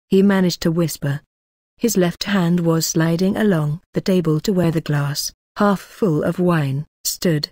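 An audiobook narrator with a low voice reads a novel in a steady, measured manner. The scripted narration has studio quality and a dry sound.

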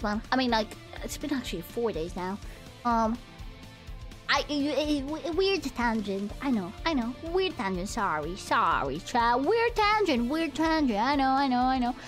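Young female streamer, high-pitched, casual and profane, playful swings in pitch over faint background music. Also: fairly bright tone. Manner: profane, joking, swings between high squeals and low mutters. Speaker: live streamer. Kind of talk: casual live-stream chat to viewers.

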